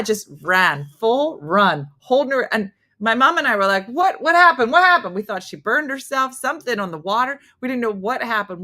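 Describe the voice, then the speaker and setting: A middle-aged woman hosting a casual morning chat show, telling family stories and acting out the voices in them. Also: on the high side. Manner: animated, acts out voices in her stories. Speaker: morning show host reading viewer comments.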